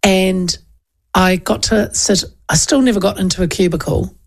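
A woman with a New Zealand accent hosts a talk radio show, chatting loosely with plenty of restarts. Her voice has a gravelly, creaky edge at a middle pitch. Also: moderate pace. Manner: rambling, chatty, with many restarts. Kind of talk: casual talk radio chat and news rundown.

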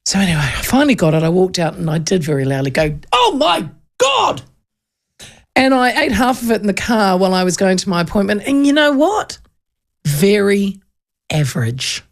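A woman with a New Zealand accent hosts a radio show, spinning a chatty story with lively impressions of the people in it. Her voice carries a gravelly fry throughout. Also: medium pitch, brisk. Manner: lively, animated, acts out voices in anecdotes. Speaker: radio host.

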